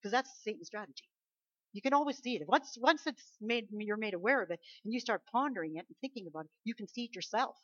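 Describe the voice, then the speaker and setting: A woman preacher delivering a sermon with emphatic conviction, rising to loud declarations and dropping to soft asides. Her voice sits at a middling pitch. The recording is muffled and lo-fi, with a dry, close sound. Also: lively intonation, fast talker, no echo.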